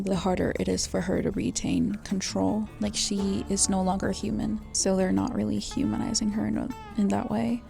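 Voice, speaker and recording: Gravelly-voiced woman reacting to a book. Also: mid-range voice. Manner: emotional, exclaiming and swearing at plot twists; rambling, thinks aloud with many fillers. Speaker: book vlogger. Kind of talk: casual reading reaction vlog.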